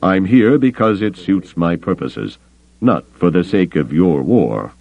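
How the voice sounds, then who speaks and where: A man's voice: deep voice, lively intonation, measured pace, creaky, highs cut off, exaggerated voice. A man voicing a mercenary male smuggler captain who talks in a cool, curt, dry way.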